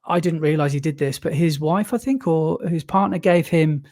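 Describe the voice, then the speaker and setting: Chatty British man, fairly high voice. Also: moderate pace, darkish tone. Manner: chatty, enthusiastic, many fillers and restarts. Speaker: podcast co-host. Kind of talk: casual chat.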